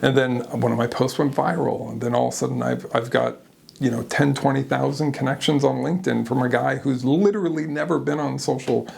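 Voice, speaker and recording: A man speaking as an interview guest, candid and animated, often laughing at himself as he tells his own story. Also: medium pitch, fairly quick, gravelly, husky.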